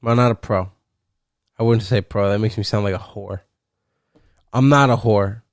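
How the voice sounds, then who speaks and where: A young man hosting a solo podcast, rambling and cursing playfully, breaking into loud laughs. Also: fairly low pitch, steady tone, moderate pace, no room sound, studio quality. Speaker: podcast host. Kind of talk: casual solo podcast rant.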